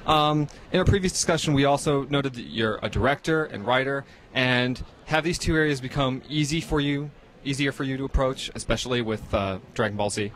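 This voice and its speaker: A man with a mid-pitched voice interviews a guest at a convention. He asks friendly, prepared questions at an even pace. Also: brisk, slight background noise. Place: convention venue.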